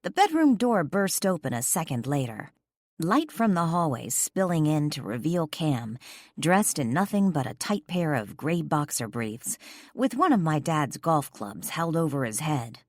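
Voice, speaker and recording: Low-pitched woman reading a romance audiobook, expressive and lively, very dry sound. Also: measured pace, dry recording. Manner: expressive, sharp-tongued. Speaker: audiobook narrator. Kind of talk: first-person romance audiobook narration.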